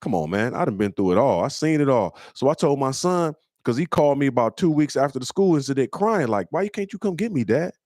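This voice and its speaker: Animated streetwise man spinning stories. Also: fairly quick, few pauses, dry recording, clean studio sound. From Michigan. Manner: animated, acts out quoted voices in a higher pitch; streetwise slang, blunt and preachy. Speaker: comedian host answering listener questions. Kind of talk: casual storytelling chat.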